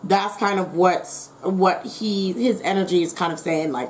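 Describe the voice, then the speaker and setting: A woman's voice: on the low side, measured pace, hardly any pauses, a little hiss or hum, low-quality recording. A woman giving a casual tarot reading, talking in a rambling way, repeating herself and correcting her words as she goes. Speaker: tarot reader.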